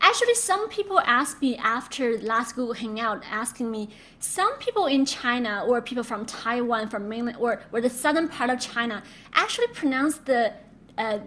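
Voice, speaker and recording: In an online Mandarin lesson recorded through her own microphone, a woman patiently models pronunciation, repeating words so students can imitate them. Her voice is fairly high and a bit bright.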